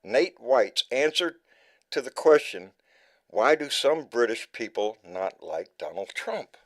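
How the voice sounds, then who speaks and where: A man's voice: mid-range voice, big pitch swings, slow pace. A man hosting a live online talk show, reading a long comment aloud, often stumbling and restarting words. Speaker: host.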